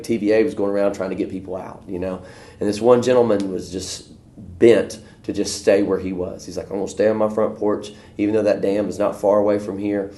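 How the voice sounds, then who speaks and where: A man teaching a church video lesson, telling folksy stories and acting out voices in a high, excited tone. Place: church room. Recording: echoey room.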